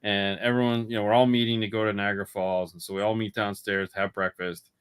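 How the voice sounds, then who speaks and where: A man co-hosting a podcast in casual chat, rambling and repeating words as he tells drawn-out stories. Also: fairly low pitch, level tone, smooth. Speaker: podcast co-host.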